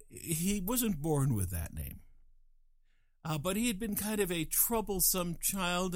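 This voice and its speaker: A man's voice: mid-range voice, no room sound, clean studio sound. A man in his sixties from Louisiana tells a long, digressive story to a group, with self-mocking asides. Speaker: speaker telling a story to a group. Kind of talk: casual storytelling.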